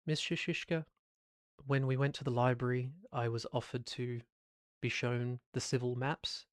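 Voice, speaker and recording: A man's voice: mid-range voice, level tone, normal speed, no room sound, clean studio sound, lightly acted. A man voicing a prim, testy female robot assistant who speaks in a mechanical, formal way through barely held irritation. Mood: frosty. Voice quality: mechanical, clipped.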